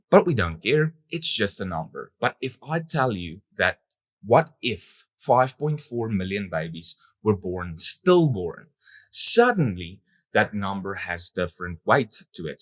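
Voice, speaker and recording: A man giving a keynote on stage, animated and emphatic, with playful asides to the audience. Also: dry recording. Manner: animated, emphatic, with sudden jumps in pitch and loudness. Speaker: event industry speaker.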